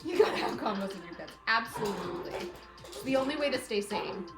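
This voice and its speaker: A woman's voice: medium pitch, expressive, brisk, roomy sound, over loud music. A woman chatting casually on a live stream while she cross-stitches, often talking to her pets. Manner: chatty, talks to her pets in a cooing baby voice.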